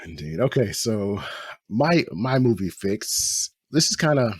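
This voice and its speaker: Husky man ranting on a podcast. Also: fairly low pitch, big pitch swings, unhurried, dry recording, studio quality. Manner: rambling, exasperated rants with many restarts. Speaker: podcast host. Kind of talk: casual chat.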